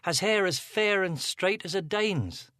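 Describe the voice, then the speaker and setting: A man voicing a polite young woman police detective who asks brisk, courteous questions. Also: medium pitch, lively intonation, fairly bright tone, dry recording, clean studio sound, pitched above the performer's own voice.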